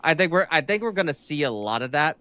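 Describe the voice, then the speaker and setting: A man giving his opinions in casual talk, stumbling over and repeating his words and often clearing his throat. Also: fairly high pitch, big pitch swings, fast talker, sharp tone, slight background noise.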